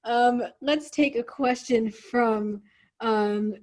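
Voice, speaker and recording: A woman's voice: on the high side, fairly even intonation, very slow, darkish tone. Chatty young woman on a video call. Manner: chatty and upbeat, heavy use of "like". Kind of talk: casual video call chat.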